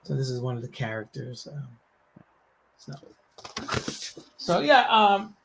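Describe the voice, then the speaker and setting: Gravelly Bronx man telling stories. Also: mid-range voice, unhurried, a little hiss or hum. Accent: Bronx New York. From the Bronx, New York. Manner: rambling, animated storytelling with frequent fillers and laughs. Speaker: comic creator guest. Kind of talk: casual chat.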